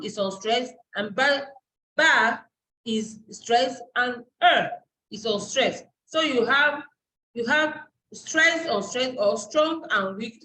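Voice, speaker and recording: Her voice sits high with a sharp tone, captured in a low-quality recording with slight background noise. A university lecturer and dean, she walks her live online class through material step by step while hunting aloud for the right words.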